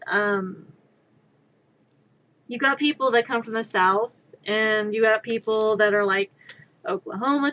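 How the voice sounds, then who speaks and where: A woman's voice: on the high side, muffled recording. Rambling woman streamer, wry and blunt. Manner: rambling, wry, swears freely, swings to loud exclamations. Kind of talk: casual live-stream chat while crafting.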